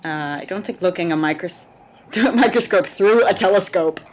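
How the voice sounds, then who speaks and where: A woman's voice: fairly low pitch, normal speed. A woman doing a casual, chatty fan commentary over a cartoon episode, sarcastic and laughing, with the odd swear word.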